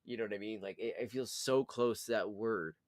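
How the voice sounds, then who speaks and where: A man's voice: on the low side, a little fast, no echo. A young man, hosting his channel, chatting casually, laughing often and swearing freely. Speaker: channel host. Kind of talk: casual chat.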